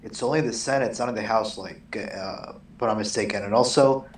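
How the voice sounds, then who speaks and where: A man's voice: on the low side, a little fast. A man co-hosting a casual podcast, talking hesitantly with lots of fillers and the odd swear word. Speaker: co-host. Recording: echoey distant mic with faint background noise.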